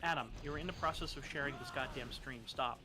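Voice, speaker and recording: A man's voice: mid-range voice, fairly quick. Rambling, laughing man with music behind. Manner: rambling, swears, laughs a lot. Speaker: co-host. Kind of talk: casual chat on a stream.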